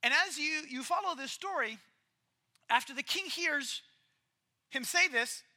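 Very high, bright-voiced male preacher. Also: a little slow. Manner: lively, conversational, acts out quoted characters. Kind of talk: casual storytelling sermon.

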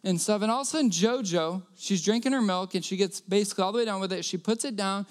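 A man's voice: high voice, quick pace, clear, resonant tone. A man preaching a sermon, telling a personal story earnestly and repeating key phrases.

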